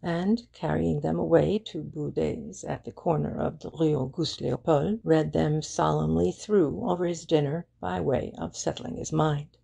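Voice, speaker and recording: A woman reading a detective novel aloud as audiobook narrator, in a measured, even manner. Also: sits low. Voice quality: gravelly, husky. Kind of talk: scripted narration.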